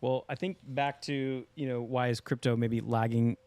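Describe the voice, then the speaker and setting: A man's voice: medium pitch, steady tone, moderate pace, darkish tone, smooth. A man co-hosting a podcast in easygoing, joking casual chat. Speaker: podcast co-host.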